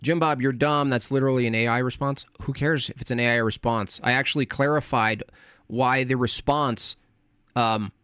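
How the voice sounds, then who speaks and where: A man's voice: medium pitch, fairly bright tone, no echo. A man on a live stream, reading his chat aloud and shooting back with combative mockery. His voice sits in a middle range and is recorded close and dry, with no room sound around it. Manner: mocking, combative, sarcastic.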